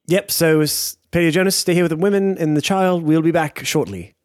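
Man at a tabletop game, kinda high voice, dry sound, laughing and playful. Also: brisk, a little mellow, no room sound. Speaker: player. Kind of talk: casual tabletop game chat.

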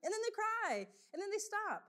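A woman giving a sermon to a congregation, conversational and animated, telling personal stories and laughing often. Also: very high voice, moderate pace. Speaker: preacher.

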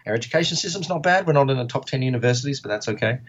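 A man's voice: mid-range voice, expressive, very fast, breathy edge, muffled recording. An Australian man from Perth, chatting as an interview guest in a rambling, self-deprecating way. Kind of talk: casual interview chat.

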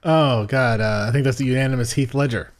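A man's voice: mid-range voice, fairly even intonation, a little fast. A man co-hosting a casual film podcast, joking and argumentative, with some swearing. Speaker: podcast co-host.

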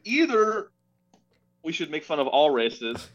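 A man's voice: on the high side, very animated, unhurried, highs cut off. A young man co-hosting a comedy podcast, wry and self-deprecating, often restarting his sentences. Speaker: podcast co-host. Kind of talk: casual comedy chat.

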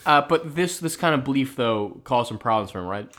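A man's voice: medium pitch, expressive, a little fast, fairly bright tone. A man co-hosting a podcast, teasing his friends while steering the chat back on track. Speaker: podcast co-host. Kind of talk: casual comedic chat.

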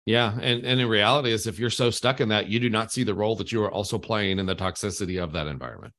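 A man's voice: lowish voice, quick pace, fairly bright tone. A man co-hosting a workplace talk, rambling a bit and acting out quoted phrases as he explains. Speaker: podcast co-host, workplace trainer. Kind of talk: casual conversational discussion.

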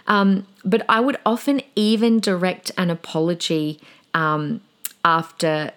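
A middle-aged woman hosting a parenting podcast, telling stories and giving advice in an animated, casual way, slipping into a soothing teacher voice when she quotes herself. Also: lowish voice, measured pace, clear, resonant tone.

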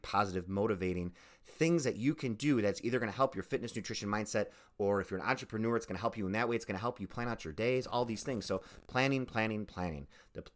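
Male podcast host, low voice, earnest and heartfelt sign-off, choked up, repeats key phrases. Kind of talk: casual podcast outro.

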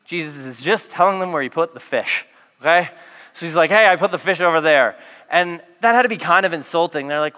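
A man's voice: a little high, a little fast, sharp tone. A man preaching a sermon, telling the story with humor and acting out the quoted lines. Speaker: pastor. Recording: reverberant hall.

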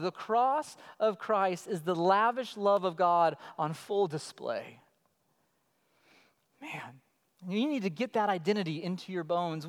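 A man in his thirties preaching a sermon as pastor, telling stories in an animated way. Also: high-pitched. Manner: animated storytelling, acting out his child calling. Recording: long reverb of a church hall.

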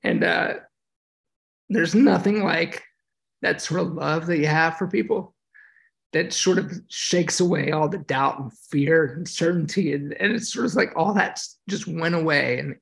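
A middle-aged man from the United States talks through his experiences in a relaxed interview. His voice is gravelly and sits slightly high, and he speaks reflectively and emotionally, with frequent fillers and restarts. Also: a little slow, pauses often. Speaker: podcast guest, veteran and yoga teacher. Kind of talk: casual interview storytelling.

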